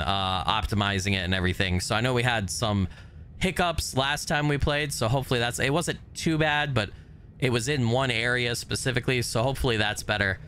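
Guy streaming a game, kinda hoarse, rambles and cusses, faint hiss in the back. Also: mid-range voice, sharp tone. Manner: chatty, greets chat by name, swears casually. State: voice still recovering, slightly hoarse. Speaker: gaming streamer. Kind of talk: casual live-stream commentary.

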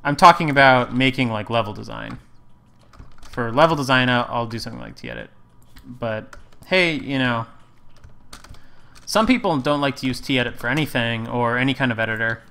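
A man's voice: mid-range voice, big pitch swings, moderate pace, gravelly, long pauses, sharp tone. A man casually commentating his gameplay, rambling and correcting himself with wry asides. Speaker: let's play host.

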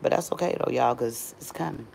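A middle-aged woman talking casually to her live stream viewers from her home doorway on a phone, chatty and animated. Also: very deep voice, brisk, gravelly, a little hiss or hum.

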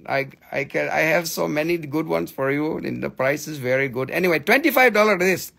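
A man selling crystals on a live stream, rattling off prices and teasing viewers in a playful, joking way that jumps from loud to mumbled. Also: medium pitch, expressive, normal speed, vocal fry. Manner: playful, joking, swings between loud teasing and quiet muttering. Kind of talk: live sales stream patter.

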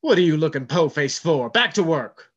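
A man's voice: medium pitch, moderate pace, natural voice. A harsh, scowling first mate, voiced by a man, barks orders with open contempt. It is a story reading on a dull, lo-fi recording. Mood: contemptuous. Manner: barking, contemptuous.

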